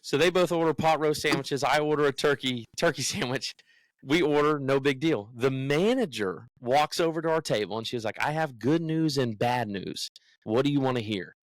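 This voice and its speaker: A man's voice: medium pitch, moderate pace, no room sound, low-quality recording. A young man from the United States, a podcast co-host, tells a story in casual chat and acts out what other people said.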